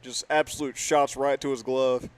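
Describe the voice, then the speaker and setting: A man's voice: mid-range voice, flat delivery, moderate pace, smooth. A man giving chatty, laughing color commentary on a live baseball game.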